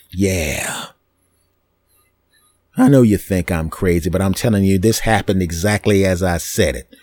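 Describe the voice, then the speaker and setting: Low-voiced man ranting a comic tale. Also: measured pace, pauses often, a little mellow, no room sound. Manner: ranting, mock-indignant, acts out voices. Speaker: podcast host. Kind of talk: comedic monologue storytelling.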